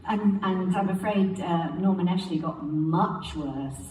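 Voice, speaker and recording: An older woman actress from England, telling warm theatre stories in an interview, acting out quotes and laughing often. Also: fairly low pitch, unhurried, recorded from a distance. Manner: animated storyteller, acts out quotes and laughs often. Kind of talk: relaxed anecdotal interview. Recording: roomy, off-mic, faint background hiss.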